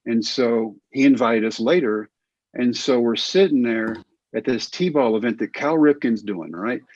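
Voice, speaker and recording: A middle-aged man from Texas, a former baseball pitcher, telling stories in a casual interview and acting out the voices of other people. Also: a little slow, dull audio. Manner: animated, acts out quoted voices.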